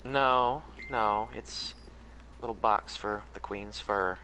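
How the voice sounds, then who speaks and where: A man chatting excitedly on a gaming stream who laughs a lot while he plays. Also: fairly low pitch, slow, a little hiss or hum, low-quality recording. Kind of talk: casual gaming stream chat.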